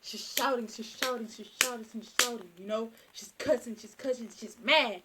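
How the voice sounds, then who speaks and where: High-voiced South African woman telling a story. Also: normal speed, hardly any pauses, slightly rough. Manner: animated, repeats phrases for emphasis. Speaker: YouTuber. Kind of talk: casual storytime.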